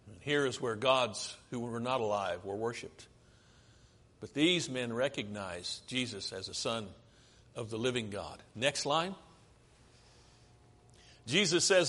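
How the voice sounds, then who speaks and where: A man's voice: on the high side, lively intonation, unhurried, sharp tone. Preacher man in a reverberant hall. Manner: asks the congregation questions and answers them himself. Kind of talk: sermon with slides. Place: church sanctuary.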